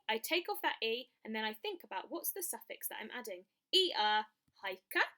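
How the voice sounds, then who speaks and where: A young woman teaching children a spelling lesson, chanting the rules slowly and with emphasis. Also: fairly high pitch, pushed and bright. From England. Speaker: primary school teacher.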